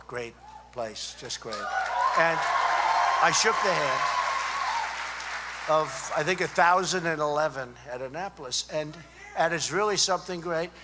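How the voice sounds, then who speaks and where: A man's voice: a little high, animated, moderate pace. A man giving an off-the-cuff speech at a student conference, rambling and repetitive with many asides to the crowd. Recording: echoey hall with faint hum.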